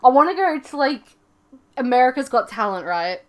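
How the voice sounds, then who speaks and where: A woman's voice: sits high, sing-song, moderate pace. A young woman streaming, chatting casually in a playful, rambling, giggly way. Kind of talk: casual live-stream chat.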